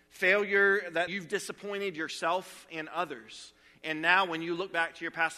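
A man's voice: on the high side, sharp tone, big-room sound. A man in his thirties, a pastor preaching a sermon in a conversational, storytelling way.

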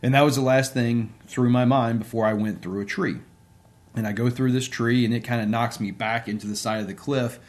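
A man's voice: mid-range voice, fairly even intonation, a little fast. A man, an interview guest and sports coach, telling a personal story in a casual, conversational way with many fillers.

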